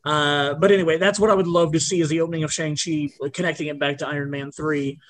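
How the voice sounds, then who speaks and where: A man's voice: fairly high pitch, fairly even intonation, quick pace, a bit bright. A man hosting a podcast, talking in a rambling, blunt way with frequent restarts. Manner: rambling, blunt, self-correcting. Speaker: podcast host. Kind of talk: casual chat.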